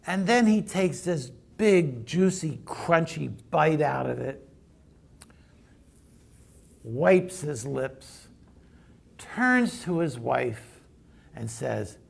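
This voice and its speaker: Slow, gravelly preaching man. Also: a little high, expressive. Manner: conversational storytelling preaching. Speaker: pastor. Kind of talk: sermon.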